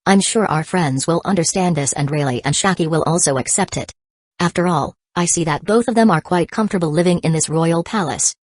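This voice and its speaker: A woman voicing a devoted young woman from a storybook, speaking calmly and earnestly. The tone is low, recorded close and dry. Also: brisk, dry recording, close to an everyday voice. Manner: calm, even delivery.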